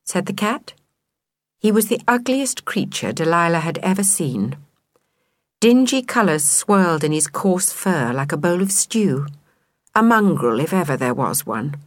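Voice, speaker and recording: A woman reading a children's storybook aloud, expressive and measured, with a lower voice that rises and falls widely. The sound is dry and close with no room around it. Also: dry recording. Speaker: narrator.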